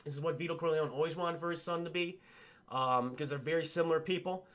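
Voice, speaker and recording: Brief: male streamer, high, bright tone, rambling and profane, chatting with viewers. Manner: rambling, profane, animated retelling with quick asides to chat. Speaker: streamer reviewing a film with chat. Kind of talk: casual livestream chat.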